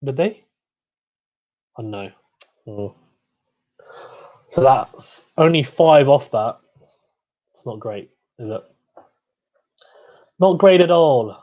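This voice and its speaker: A young man hosting a cricket watchalong livestream, reacting excitedly, groaning and pleading with each ball. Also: medium pitch, slow, pauses often, dull audio. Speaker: livestream host.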